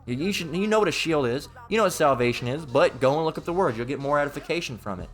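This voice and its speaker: A man's voice: a little high, animated, fast talker. Blunt, swearing man teaching scripture. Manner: blunt and emphatic, swears freely, repeats "all right?". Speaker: religious teacher. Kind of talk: informal Bible lesson.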